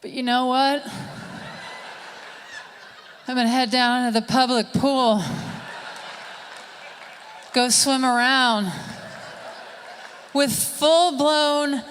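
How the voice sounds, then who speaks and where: A woman doing live stand-up comedy on a stage, with a deadpan, drawn-out delivery and long pauses. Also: sits high, a little hiss or hum. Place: stage at a large summit hall. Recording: live hall with long reverb and faint ambience.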